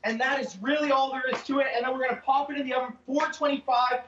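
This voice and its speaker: A man, a guest cook, demonstrating a recipe over a video call in an excitable, rambling way and apologizing when he skips steps. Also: very high voice, fast, a little hiss or hum. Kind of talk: cooking demonstration. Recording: echoey dull call audio from a distance.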